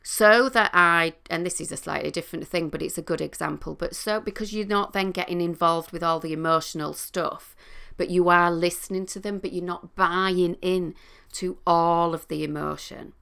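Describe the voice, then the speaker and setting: A middle-aged woman, a coach and trained therapist, explaining listening skills in a calm, teaching manner. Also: fairly low pitch, normal speed, gravelly, smooth. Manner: calm, explanatory, with sing-song demonstrations. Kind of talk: talking to camera, teaching.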